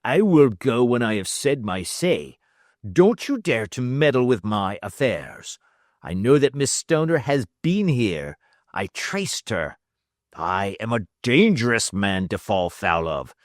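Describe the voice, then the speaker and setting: A man's voice: mid-range voice, sing-song, slow, no room sound, clean studio sound. A man voicing a fierce, menacing old man who blusters and snarls threats. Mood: threatening.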